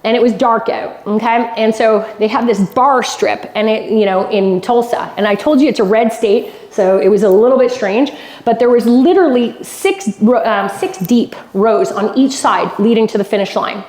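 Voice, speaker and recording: A woman's voice: fairly high pitch, normal speed, darkish tone, echoey room. A woman from Canada giving a motivational keynote, telling a personal story with emphatic repetition. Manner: emphatic storytelling, repeats lines for effect. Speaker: keynote speaker. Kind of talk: motivational speech. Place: golf club event hall.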